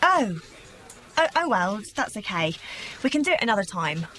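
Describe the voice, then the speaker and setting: An actress playing a young, lively female radio reporter in a radio drama. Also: medium pitch, moderate pace. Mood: excited. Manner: lively, giggly.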